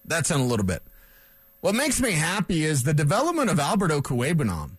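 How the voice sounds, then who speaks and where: Animated, wisecracking sports radio man. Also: on the high side, fairly quick, husky, no echo. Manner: animated, wisecracking, rambling asides. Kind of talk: sports talk radio rant. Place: radio studio.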